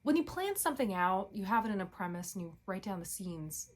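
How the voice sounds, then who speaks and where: A young woman talking straight to her audience in a loose, rambling vlog. She keeps breaking off her own thoughts and swears in passing. Her pitch sits in the middle for a woman. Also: big pitch swings, a little fast. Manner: rambling, self-interrupting, swears casually. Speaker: vlogger. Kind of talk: casual chat.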